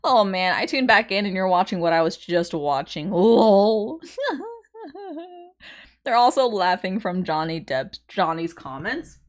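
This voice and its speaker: A young adult woman streaming live, reacting excitedly and swearing casually as she talks to her chat. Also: fairly low pitch, moderate pace, few pauses.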